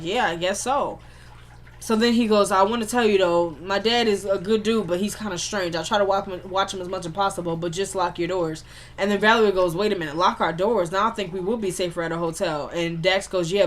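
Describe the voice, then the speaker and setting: A woman casually recapping a TV episode in loose, slangy speech, trading characters' lines back and forth as she retells each scene. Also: mid-range voice.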